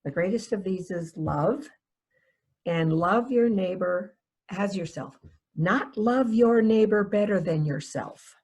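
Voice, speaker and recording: A woman from North Dakota leads a webinar for foster parents at an ordinary middle pitch, her voice a little husky and breathy. She talks conversationally and weaves in personal anecdotes. She keeps checking in with her listeners through rhetorical questions. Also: slow pace, a little mellow. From North Dakota, USA. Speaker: foster care trainer. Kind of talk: webinar talk.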